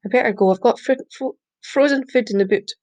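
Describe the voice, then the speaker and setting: A woman's voice: on the high side, a little fast, a little mellow, close to an everyday voice. A woman voicing Malky, a controlling, blustering man, in a story reading. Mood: uneasy. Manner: pushy, wheedling, then growling. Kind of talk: audiobook reading.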